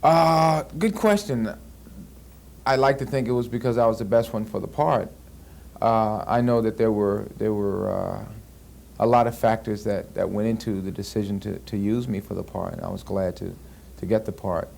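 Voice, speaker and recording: A man's voice: fairly low pitch, normal speed, gravelly, a little mellow. A man in his thirties, an actor being interviewed, answering casually with many fillers and restarts. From United States. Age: 30s. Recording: archival interview tape with faint hiss.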